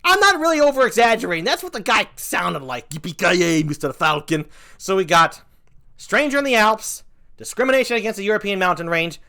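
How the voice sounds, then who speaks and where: Bright, ranting male comedy vlogger. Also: high-pitched, fairly quick. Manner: animated ranting with mock outrage. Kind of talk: comedic commentary.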